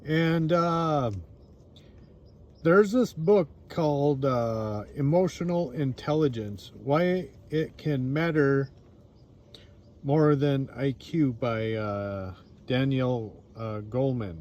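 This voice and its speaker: A man talking to the camera in a casual, halting way, with many fillers and restarts, outdoors in the countryside. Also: medium pitch, a little mellow, muffled recording. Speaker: vlogger. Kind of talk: casual spoken reflection.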